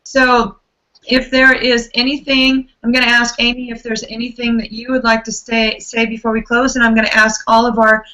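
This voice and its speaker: A tired woman with a gravelly voice, effusively hosting an online book club chat over a video call. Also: on the high side, level tone, normal speed, poor audio. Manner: warm, effusive, chatty.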